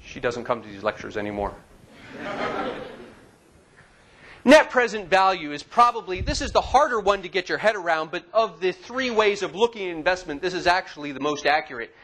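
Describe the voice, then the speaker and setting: Male lecturer, forties, slightly raised pitch, lively and chatty with the audience. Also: moderate pace, slight background noise. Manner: lively, talks to the audience with asides and questions. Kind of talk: classroom lecture. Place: lecture hall.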